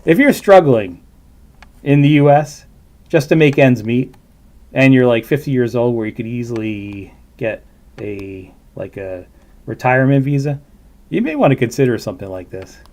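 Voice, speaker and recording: A man's voice: mid-range voice, lively intonation, normal speed, a little mellow. A man hosting a casual livestream, commenting on a video in a rambling, chatty way full of asides. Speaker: livestream host reacting to a video.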